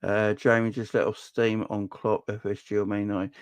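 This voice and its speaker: A man hosting a fan channel livestream, chatting casually and reading out comments, his voice jumping high when he rants. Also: normal speed, clear, resonant tone, no room sound. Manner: animated, voice jumps high when ranting.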